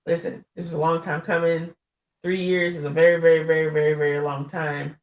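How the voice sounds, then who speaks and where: A woman's voice: deep voice, flat delivery, brisk. A woman host closing the show, rambling through thanks with laughter. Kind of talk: show sign-off. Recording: echoey room.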